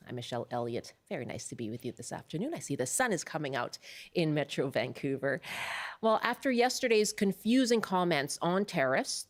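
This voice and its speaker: A woman hosting a public radio show, friendly and chatty, laughing easily with her guests. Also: low voice. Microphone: studio microphone.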